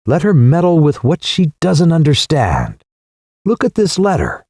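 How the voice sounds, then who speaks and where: A man's voice: darkish tone, no room sound, studio quality. A male narrator playing an agitated, sardonic young Englishman in an audiobook reading. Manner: exclaiming, high-strung.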